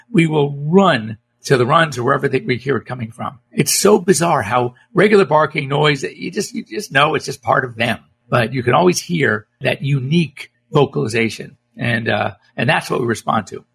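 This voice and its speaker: A man's voice: medium pitch, animated, moderate pace, vocal fry, few pauses, a bit bright, slight background noise. A middle-aged man, a veterinarian, hosting a casual radio talk show, rambling and chatty with frequent self-corrections.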